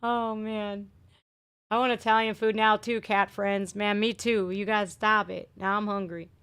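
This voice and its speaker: A middle-aged woman from Northeast Ohio hosts a casual livestream, reading viewer comments, chatting freely, swearing and saying "man" and "dude." Her mid-range voice is smooth and fairly bright, a little slow with little pitch movement, recorded with no echo.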